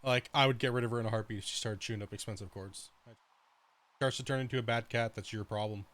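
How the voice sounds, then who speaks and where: A man's voice: medium pitch, steady tone, quick pace, fairly bright tone. A young man streaming a game, chatting casually, rambling and swearing freely as he rants. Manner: rambling, profane, ranting. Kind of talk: casual chat during a live stream.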